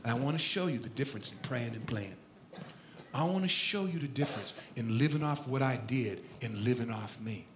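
A man voicing God the Father as a calm, hushed, fatherly figure with a deep voice. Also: fairly quick, a little hiss or hum, natural voice.

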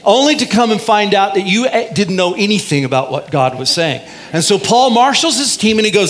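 A male pastor preaching a sermon in a lively way, drawing out key phrases and leading the congregation in call and response. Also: high voice, fairly quick, few pauses. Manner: lively, drawls out key phrases, has the congregation repeat lines.

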